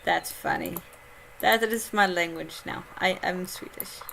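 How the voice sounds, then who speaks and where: A woman's voice: fairly low pitch, a little slow, vocal fry, pushed and bright, a little hiss or hum. A woman from Indiana, chatting casually on a live stream while she plays a game, reading chat aloud and laughing often. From Indiana, United States.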